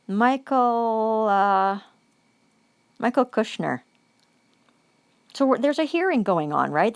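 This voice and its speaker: A woman's voice: mid-range voice, dry recording. A woman giving an angry, profane vlog monologue, repeating phrases for emphasis.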